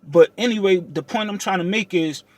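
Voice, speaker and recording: A young man with a high-pitched voice vents in a heated, confrontational rant to his camera. He stumbles and restarts often and keeps checking that the listener follows him. The sound is close and dry, with no room echo. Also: moderate pace. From United States. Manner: heated and confrontational, many restarts and repeated "you understand what I'm saying". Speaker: trucking vlogger. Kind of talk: unscripted vlog rant.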